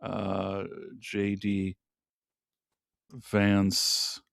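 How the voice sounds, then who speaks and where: A man's voice: deep voice, completely flat delivery, very slow, vocal fry, fairly bright tone, no room sound, clean studio sound. Rambling, blunt man hosting a live chat. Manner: blunt, opinionated, rambling with profanity. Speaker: podcast host. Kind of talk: casual live-stream chat.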